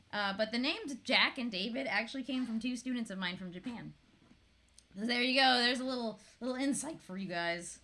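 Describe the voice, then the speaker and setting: A woman's voice: mid-range voice, pushed and bright, slight background noise. A woman in her thirties from Florida, chatting casually to camera as a vlogger, laughing often and swearing freely.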